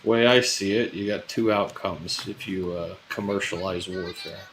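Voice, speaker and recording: Low-voiced man musing in role-play. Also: steady tone, normal speed, a little hiss or hum, poor audio. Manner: casual, swearing, musing out loud. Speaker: crew leader in a sci-fi role-play. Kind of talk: in-character role-play chat.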